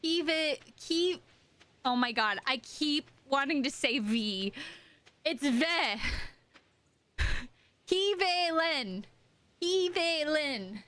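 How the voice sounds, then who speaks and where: A woman's voice: high voice, slow pace, a bit bright. A young American woman streaming a game, chatting in a rambling, giggly, self-deprecating way. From United States. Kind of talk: casual chat with viewers while gaming.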